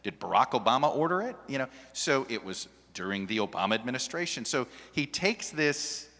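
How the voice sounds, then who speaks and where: A television journalist speaking on a panel, animated and often restarting his sentences. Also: medium pitch, a little fast. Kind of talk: panel discussion. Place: large hall with an audience. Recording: long reverb of a large hall.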